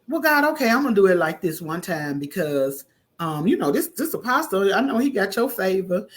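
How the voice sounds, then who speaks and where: A prophetess preaching online gives a conversational sermon, calling her listeners honey and baby. Her medium-pitched voice is very animated and fairly quick, breaking now and then into loud, emphatic bursts.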